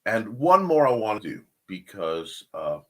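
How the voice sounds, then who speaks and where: A man's voice: on the low side, very animated, a little slow, sharp tone. A man hosting a laid-back chat stream, reeling off links and plugs. His voice swings up and down with lots of life as he wanders into jokey asides and corrects himself mid-sentence. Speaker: show host. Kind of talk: casual live-stream chat, reading out plugs.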